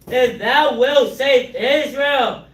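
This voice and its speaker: Guy reading bible verses real slow, very high voice, echoey and far from the mic. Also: fairly bright tone, a little hiss or hum. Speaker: scripture reader. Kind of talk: slow, loud scripture reading. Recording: roomy, mic at a distance.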